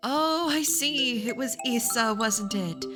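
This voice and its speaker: A woman's voice: on the high side, takes it slowly, pitched above the performer's own voice. A woman voicing a cheerfully unhinged young male pigeon in a sing-song, menacingly sweet voice, over game music. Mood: eerily cheerful.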